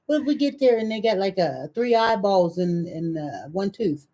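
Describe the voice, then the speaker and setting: A woman's voice: mid-range voice, animated, normal speed, mellow. An older woman with a Southern US accent, co-hosting a casual live chat in a playful, teasing way. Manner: playful and teasing, laughs often. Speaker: co-host of a live show.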